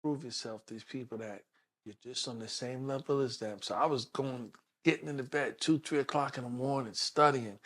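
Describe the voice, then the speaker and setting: A Brooklyn detective, a guest in a sit-down interview, tells stories from his own life and acts out the people he quotes with animated flair. His voice sits in the mid-range, and he talks at a normal speed.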